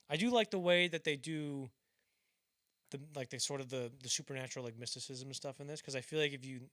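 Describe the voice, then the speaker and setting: A young man talking films on a podcast in a loose, rambling way. His voice is bright and somewhat tense, and he keeps trailing off, restarting and slipping into silly impressions of the scenes he describes. The pitch sits in a middle range for a man. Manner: rambling, filler-heavy, acts out bits of scenes in mock voices. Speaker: podcast co-host. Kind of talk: casual film discussion.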